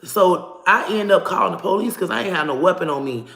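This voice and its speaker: A woman telling a personal story to camera in a casual, animated way, swearing freely and acting out what people said. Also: on the low side, brisk, reverberant. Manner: animated, profane, acts out dialogue.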